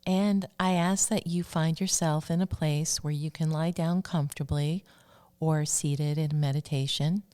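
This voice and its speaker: A woman hosting a spiritual self-help radio talk, speaking slowly and soothingly as she leads listeners through repeated affirmations. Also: low voice, steady tone, mellow. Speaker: radio show host.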